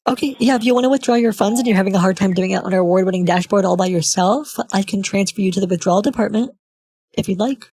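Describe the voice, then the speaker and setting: A man's voice: high-pitched, fast, darkish tone, slightly rough, dry recording, voice pushed up. A man putting on the voice of a cheerful woman customer service agent, overly polite and pretending he cannot hear the caller, on a headset. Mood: cheery stalling. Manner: overly polite, stalling, feigns not hearing.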